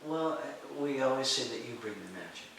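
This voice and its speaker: A man, a teacher of Taoist mysticism, telling a story in an interview and acting out the voices in it, sometimes with a high shout. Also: animated, a little fast, vocal fry. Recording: echoey room, distant mic, faint hiss.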